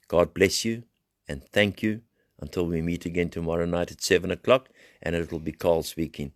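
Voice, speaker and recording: A middle-aged man with a South African accent giving an impassioned recovery share. He preaches and climbs into loud, high-pitched pleading. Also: fairly even intonation, moderate pace, no echo, clean studio sound. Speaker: recovery program founder.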